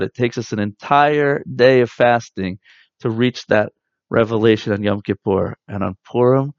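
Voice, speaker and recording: A man, likely in his thirties, giving an earnest, reflective spiritual talk with soft pauses. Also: on the low side, dry recording. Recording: dull dry lo-fi sound.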